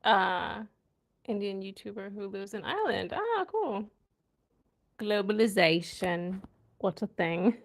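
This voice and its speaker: A woman's voice: medium pitch, sing-song. A woman hosting a casual livestream, reading out comments, laughing often and drifting from topic to topic. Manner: slow, laughing, drifts between topics and jokey accents. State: wheezing at times. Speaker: livestream host.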